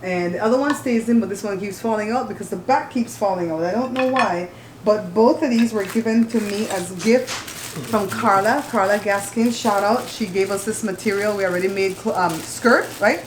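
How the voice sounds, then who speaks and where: A talkative woman chats casually to her viewers while eating at her home table. Her voice sits mid-range and rings around a roomy space. Cutlery and dishes clatter clearly behind her. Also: mid-range voice, moderate pace, a little hiss or hum. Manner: chatty, talkative, addresses viewers directly. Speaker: mukbang host. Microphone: camera on the table.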